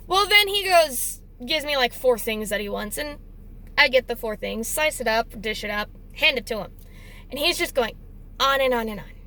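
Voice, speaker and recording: A woman's voice: high voice, normal speed, pushed and bright, low-quality recording. A young woman telling a workplace story in a chatty, exasperated way, casual storytime vlog. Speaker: deli worker telling a story.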